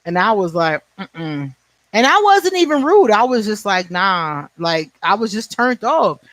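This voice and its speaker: A high-pitched man in his forties hosts a casual livestream, speaking bluntly and profanely at normal speed with a sing-song, slightly bright tone. He laughs often and thanks and answers viewers by name. The audio is dry and close, with no room echo.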